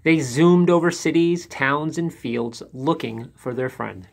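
A man reads a children's picture book aloud as the storyteller. His delivery is lively and expressive, a read-aloud voice for young listeners. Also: fairly high pitch, measured pace, vocal fry.

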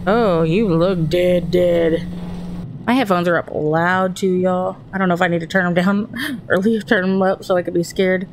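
A woman's voice: fairly low pitch, fairly even intonation, normal speed, slight background noise. Jumpy woman narrating a horror game. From Texas. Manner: chatty, thinks aloud, jumpy and easily startled. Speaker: gaming streamer. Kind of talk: horror game let's-play commentary.

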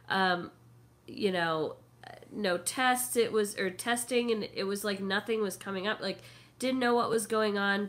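A woman's voice: medium pitch, a bit bright. A young woman vlogger, sick and throaty, chatting casually and rambling with lots of fillers. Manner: rambling, full of fillers and hesitations. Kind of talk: casual chat.

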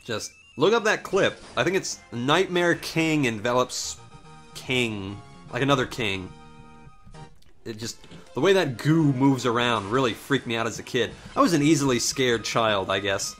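A man's voice: mid-range voice, animated, unhurried, a bit bright, faint music behind. A young man casually commentating a game while telling a long rambling story, swearing freely and reacting with sudden exclamations. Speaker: let's play commentator.

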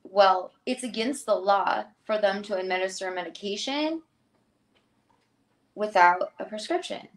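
A woman in her thirties, an interview guest, telling a personal story in a lively way and acting out the voices of the people in it. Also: medium pitch, measured pace. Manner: animated, acts out quoted voices.

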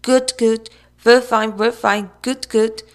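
A woman voicing an excitable boy who hoots and taunts in a shrill voice while playing crazy. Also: takes it slowly, creaky, exaggerated voice. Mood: giddy. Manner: shrill, hooting, giddy.

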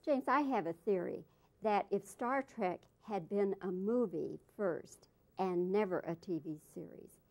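A woman's voice: medium pitch, a little slow, a little mellow. A woman interviewer asking short, direct questions.

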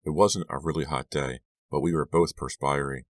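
A man narrating a scary audiobook in a measured, hushed storytelling manner, lifting his voice for the dialogue. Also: a bass voice, fairly even intonation, no echo. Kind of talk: scripted narration.

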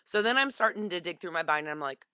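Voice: medium pitch, animated, very fast, bright, forceful tone, clean tone, dry recording. A vlogger telling a story casually into a webcam, acting out the voices of the people in it.

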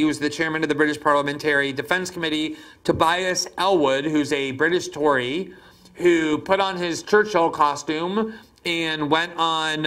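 A man hosts a political interview, his voice sitting a little high for a man. He talks with a wry, incredulous edge and winds up slowly before each long question. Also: fairly bright tone. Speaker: host.

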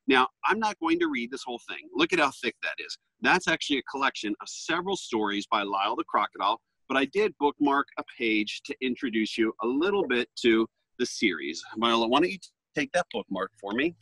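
Upbeat educator reading a kids' story aloud, bright voice, dry recording. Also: male voice, medium pitch, very animated, brisk, breathy edge, no echo, poor audio. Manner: chatty, playful storyteller aside. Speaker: reptile sanctuary educator. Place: outdoor alligator pond.

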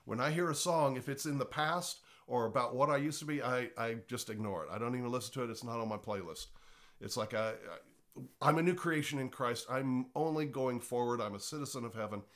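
A man's voice: mid-range voice, brisk, a bit bright. A pastor giving an informal, earnest teaching with a slightly congested voice, often restarting his words.

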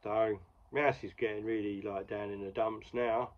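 A man's voice: fairly low pitch, fairly even intonation, moderate pace, dull audio. A man in his forties casually retelling a comic strip with wry asides. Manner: wry, conversational, full of asides. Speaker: comics podcast host.

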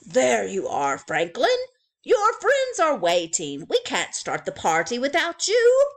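A kind male owl teacher from a picture book, patient and reassuring, played by a woman reading aloud. He speaks slowly and gently but firmly. A little gravel sits under the voice. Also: fairly high pitch, wildly swooping pitch, pitched above the performer's own voice, exaggerated voice. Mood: coaxing.

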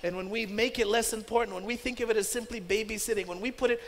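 High-pitched guy pastor giving a sermon, goes loud then real quiet, big echoey church. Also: fairly even intonation, quick pace. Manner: emphatic, swinging between loud stresses and hushed asides. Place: church sanctuary. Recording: long church-hall reverb.

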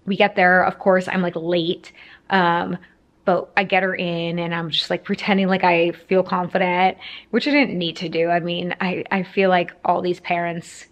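A young woman telling a casual storytime to camera, rambling with lots of fillers. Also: lowish voice. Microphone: camera framing, talking to camera.

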